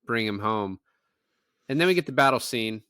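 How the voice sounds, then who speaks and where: A man's voice: mid-range voice, lively intonation, moderate pace, sharp tone, clean tone, dry recording, studio quality. A man co-hosting a casual podcast, animatedly retelling a film's plot and quoting characters in offhand voices. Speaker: podcast co-host. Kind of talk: casual chat.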